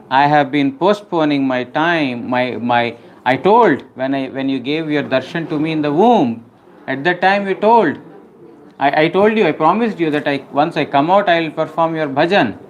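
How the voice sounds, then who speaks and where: A man's voice: on the high side, muffled recording, slight background noise. A man giving a devotional lecture, acting out scenes and singing verses between explanations. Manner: animated, acts out scenes. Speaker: preacher.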